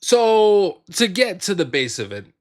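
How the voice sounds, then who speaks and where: A man's voice: sits high, big pitch swings, measured pace. A young man talking casually and frankly to his viewers in a vlog, with frequent fillers and restarts. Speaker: vlogger.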